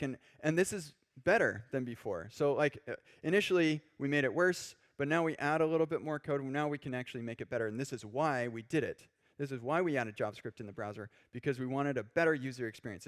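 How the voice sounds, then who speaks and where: Male conference speaker, casual and animated, live-coding on stage into a stage mic. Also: mid-range voice. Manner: casual, animated, acts out quoted reactions.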